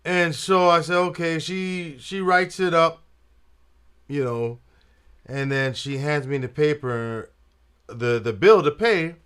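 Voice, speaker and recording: Laid-back man, jazz slang, slow talk. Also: a little high, a bit bright, smooth. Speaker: trumpet player and channel host. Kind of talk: casual storytelling vlog.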